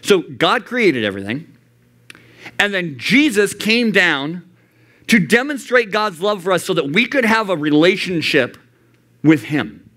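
Man, youth pastor, sermon, slightly high voice, lively pitch. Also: unhurried. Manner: animated, acts out quoted voices. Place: church youth service.

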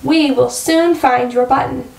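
A woman gives voice to a kind, cheerful storybook frog who reassures his friend, in a high, unhurried voice. The room echoes, heard from a mic some way off. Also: fairly even intonation, gravelly, recorded from a distance. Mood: reassuring. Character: kind, helpful male frog, picture-book friend.

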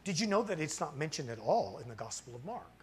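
A man's voice: on the high side, very animated, quick pace, a little hiss or hum. A middle-aged man preaching a sermon as pastor in a church, asking the congregation questions and building to fired-up, impassioned peaks. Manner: asks the congregation rhetorical questions. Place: church sanctuary.

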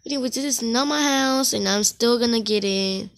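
A woman giving casual commentary while playing an online game, excitable and full of exclamations. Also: a little high, normal speed. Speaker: gamer.

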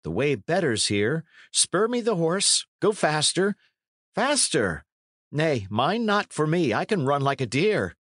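A man's voice: a little high, sing-song, normal speed, few pauses, dry recording, clean studio sound, pitched above the performer's own voice. A man reading an audiobook, voicing a bold and good-hearted young squire with hearty, old-fashioned speech. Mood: resolute.

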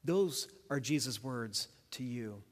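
A senior pastor giving a sermon with an emphatic, repetitive preaching cadence. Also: male voice, medium pitch, lively intonation, slow pace. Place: church sanctuary. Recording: long church reverb.

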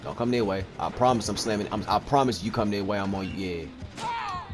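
A young man giving live gameplay commentary, excitable and trash-talking, repeating phrases quickly as he plays. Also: fairly low pitch, over music. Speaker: gaming video creator. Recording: steady clear background noise.

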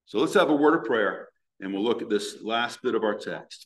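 A man preaching a sermon as pastor, earnest, slowing down to stress words from scripture. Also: expressive. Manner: prays in a hushed, low voice.

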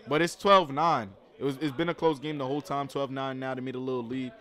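A man reacting to a streetball game, giving casual commentary with slang and sudden loud outbursts. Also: medium pitch, steady tone, fast. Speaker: reaction streamer commenting on basketball.

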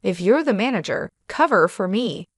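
A woman's voice: medium pitch, animated, normal speed, slightly rough, dry recording, studio quality. A woman reading a scornful, snapping grown son. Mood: angry. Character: angry entitled adult son.

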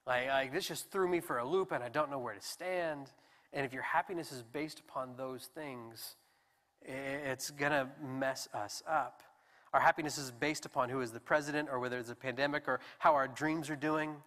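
A young adult male pastor giving an animated, conversational sermon. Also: medium pitch, moderate pace, in a large hall. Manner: animated, conversational preaching with restarts. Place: church sanctuary.

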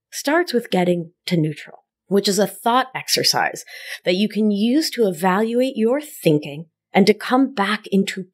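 A woman hosts her coaching podcast in a middle-pitched voice. She talks to the listener affectionately and keeps it chatty, often laughing at herself. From Argentina, raised in Rhode Island. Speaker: podcast host and life coach. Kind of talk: warm conversational podcast monologue.

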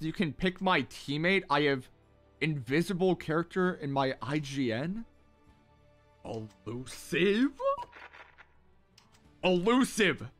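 Excitable high-voiced young man gaming live. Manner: excitable, repeats phrases over and over. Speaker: livestream gamer host. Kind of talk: casual live game commentary. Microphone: headset.

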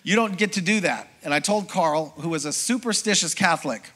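A middle-aged man, a pastor, preaching a sermon as a lively personal testimony and acting out the voices of people in his story. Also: on the high side, brisk. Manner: storytelling, acts out quoted voices, conversational with congregation.

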